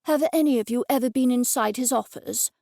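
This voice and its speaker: A woman's voice: fairly high pitch, brisk, creaky, dark tone, dry recording, studio quality. A woman reading the lines of a cheerful, scheming older man in an audiobook, in an upbeat, matter-of-fact way.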